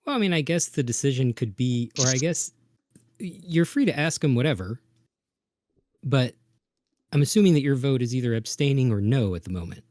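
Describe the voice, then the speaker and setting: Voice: medium pitch, expressive, brisk, pauses often, darkish tone, dry recording, clean studio sound. A player in a tabletop game who speaks in a wordy, procedural way while leading a vote. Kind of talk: tabletop role-play chat.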